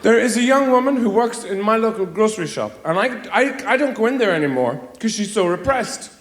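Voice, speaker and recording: A man's voice: high voice, expressive, fairly quick, reverberant. An Irish man from Ireland doing a stand-up routine on a theater stage, rambling with sardonic, mock-exasperated asides. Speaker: stand-up comedian.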